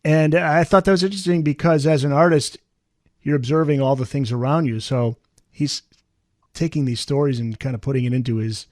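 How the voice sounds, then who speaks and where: A man's voice: a little high, steady tone, a little fast, darkish tone, no room sound. Podcast host man with dry sound. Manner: reads passages aloud, conversational questions. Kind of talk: podcast interview.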